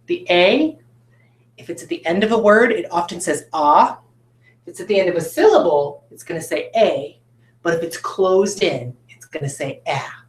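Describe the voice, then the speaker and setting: A woman's voice: fairly low pitch, big pitch swings, a little fast. A woman teacher giving a recorded phonics lesson, patiently asking questions and answering them herself. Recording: echoey room.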